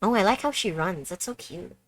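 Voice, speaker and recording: A woman's voice: mid-range voice, lively intonation, fairly quick, dry recording. A woman playing a game and chatting casually, with joking asides and mumbled remarks. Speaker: game streamer. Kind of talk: casual let's-play commentary, reading game dialogue aloud.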